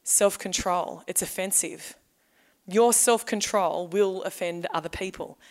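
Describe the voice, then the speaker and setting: A woman's voice: on the low side, unhurried. Woman pastor preaching conversationally. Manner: conversational storytelling, acts out quoted voices. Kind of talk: sermon.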